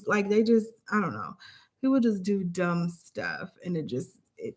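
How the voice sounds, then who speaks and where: A woman in a casual chat for a family vlog who rants with emphatic exasperation. Her voice has an ordinary middle pitch, and she speaks frankly and with force. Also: lively intonation, unhurried, a little mellow. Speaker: co-host of a family vlog channel.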